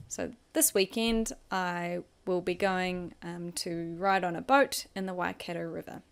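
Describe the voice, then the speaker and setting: Slow, patient New woman teaching. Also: lowish voice, steady tone, smooth. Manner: patient, explains slowly, models Mandarin tones. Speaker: Chinese language teacher. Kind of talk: recorded vocabulary lesson.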